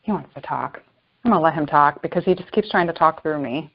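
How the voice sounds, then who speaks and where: A woman channeler giving spiritual guidance and pausing to search for words. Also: sits low, muffled recording. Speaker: channeler, guest.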